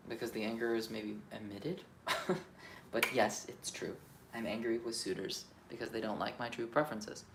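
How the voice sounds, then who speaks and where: A man on a solo vlog, thinking aloud in a candid, self-questioning way, shifting between quiet muttering and emphatic, profane outbursts. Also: medium pitch, gravelly. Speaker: vlogger. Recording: roomy echo with faint ambient noise.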